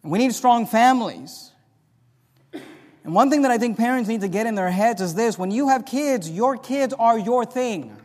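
A man preaching a sermon as pastor, swinging from low confiding talk to loud rising exhortation. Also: animated, normal speed. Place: church sanctuary. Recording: long reverb of a church hall.

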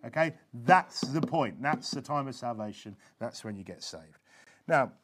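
A man's voice: mid-range voice, lively intonation, measured pace, a bit bright, husky. A man giving an informal religious teaching talk, earnest and emphatic, often checking in with "okay?" and restarting his phrases. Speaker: evangelism instructor.

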